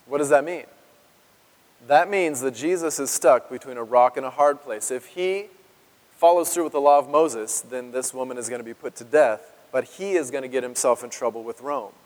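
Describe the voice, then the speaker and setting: A man's voice: mid-range voice, normal speed. Conversational preacher man in a reverberant church. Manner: conversational, asks the congregation questions. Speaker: pastor. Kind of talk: sermon. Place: church sanctuary.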